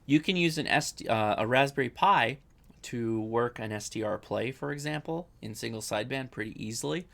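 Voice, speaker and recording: A young man hosts a casual live Q&A from home, answering viewer questions. His voice has a gravelly edge at an ordinary middle pitch. He rambles along and keeps correcting himself mid-sentence. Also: moderate pace, sharp tone. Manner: chatty, rambling, self-correcting.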